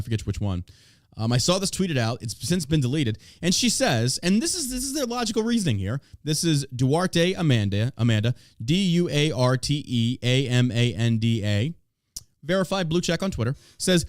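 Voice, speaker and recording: A man hosting a podcast in casual chat, talking in an animated, profane and sarcastic way. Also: medium pitch, normal speed, dry recording, studio quality. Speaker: podcast host.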